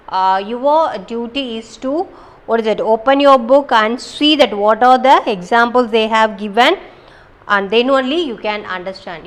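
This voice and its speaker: A woman teacher with a Kerala Indian English accent explaining a grammar lesson, pausing with fillers and asking if students follow. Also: fairly high pitch, low-quality recording. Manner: explains slowly with many fillers and check-ins. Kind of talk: recorded online English lesson.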